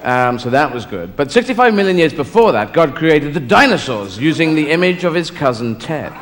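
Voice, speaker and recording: A man doing a rambling, halting stand-up routine on a live stage recording with room noise. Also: on the high side, sing-song, big-room sound. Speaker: stand-up comedian.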